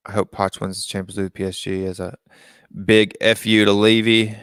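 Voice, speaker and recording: A man's voice: fairly low pitch, level tone, brisk, a bit bright, clear, resonant tone, no room sound, clean studio sound. An American man hosting a casual live-stream call-in show, reading out viewer comments and musing on them aloud. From United States.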